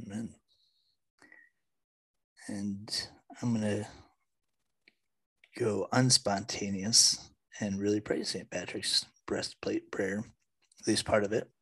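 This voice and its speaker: A man's voice: on the low side, slow, pauses often, breathy edge. A man co-hosting a faith podcast, speaking emphatically with laughter, then reciting a prayer steadily. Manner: emphatic, animated, laughs often. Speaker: podcast co-host.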